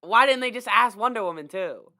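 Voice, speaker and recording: A man co-hosting a podcast, chatting casually and nitpicking a movie with quick asides. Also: high voice, lively intonation, gravelly, pushed and bright. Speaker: podcast co-host. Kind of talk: casual movie review chat.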